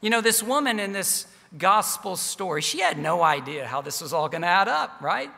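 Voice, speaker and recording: A man's voice: high-pitched, sing-song, normal speed, gravelly, pushed and bright. A man preaching a sermon, telling a story earnestly, his volume rising and falling. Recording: long reverb of a large hall.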